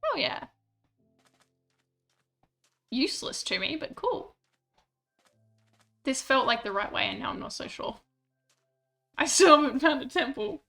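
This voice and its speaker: A woman's voice: high voice, lively intonation, unhurried, vocal fry, long pauses, bright, forceful tone, soft background music. A woman streaming a game, chatting casually and mocking herself, swearing when annoyed. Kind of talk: casual gameplay chat.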